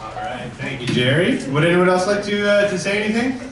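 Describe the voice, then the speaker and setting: A man's voice: high-pitched, lively intonation, a little fast, over music. A man emceeing a memorial show, loosely introducing the next comedian. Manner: loose, with fillers. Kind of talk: introducing speakers. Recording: echoey hall from far off, crowd.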